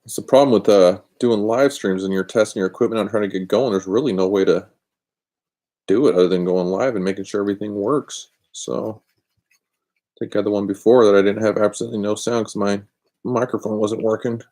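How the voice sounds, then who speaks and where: A deep, mellow-toned man rambles through a casual craft live stream. He talks loosely and good-naturedly, poking fun at himself. His voice comes through a built-in laptop microphone in a chilly garage. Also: steady tone, fairly quick. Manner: rambling, chatty, self-deprecating. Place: cold home garage. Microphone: built-in computer microphone.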